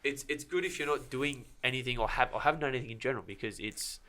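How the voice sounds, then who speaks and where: A man's voice: medium pitch, bright, forceful tone. A man, a strength and conditioning coach, talking casually on a podcast with frequent fillers and restarts. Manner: halting, many restarts and fillers.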